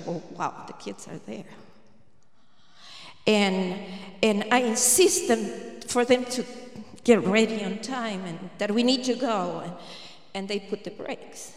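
A woman preaches slowly and earnestly, taking her time over each phrase. She acts out the words of the people in her story. The sound carries a long, roomy echo, as if from a large church hall. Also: mid-range voice. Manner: earnest, acts out what others said. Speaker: speaker at a prayer gathering. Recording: echoey hall reverb.

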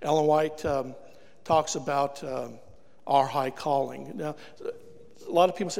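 Gravelly preacher in a reverberant hall. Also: male voice, fairly high pitch, fairly even intonation, measured pace, a little mellow. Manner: emphatic, rhetorical questions to the congregation. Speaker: guest preacher. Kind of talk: sermon with altar call. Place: church.

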